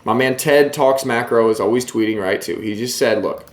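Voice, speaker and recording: A man's voice: mid-range voice, moderate pace. A man giving casual market commentary to camera, brash and emphatic, often mocking his viewers.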